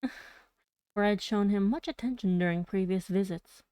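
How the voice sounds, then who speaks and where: Chatty woman reading a story on stream, giggly asides, mellow voice, dry close sound. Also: mid-range voice, normal speed, clean tone, dry recording.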